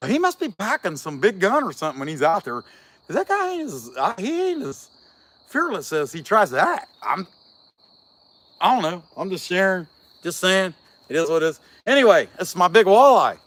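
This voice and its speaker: A man's voice: high-pitched, fairly bright tone. A man, a chainsaw carver, telling a long casual story in a folksy, chatty way full of fillers.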